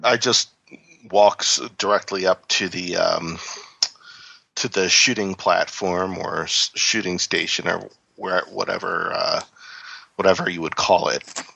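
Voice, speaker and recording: Slow, deep, gravelly male player. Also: fairly even intonation, sharp tone. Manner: hesitant, deliberate. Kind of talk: describing actions in a tabletop game. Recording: dull lo-fi sound.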